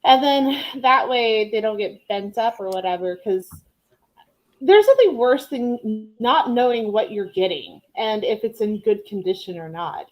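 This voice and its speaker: A woman's voice: medium pitch, expressive, unhurried, low-quality recording. A woman comic artist on a panel chat, explaining her packing with fillers and laughs.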